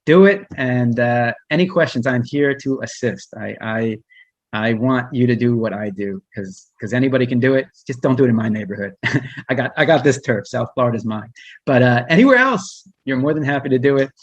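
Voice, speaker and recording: A man with a husky, slightly rough voice talks his audience through an online presentation. He restarts often and fills gaps with fillers, and he speaks straight to his listeners. The sound is dry and a little dull, like a video call microphone. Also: medium pitch, brisk, no room sound. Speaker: humane educator presenter. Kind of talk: casual online talk with slides.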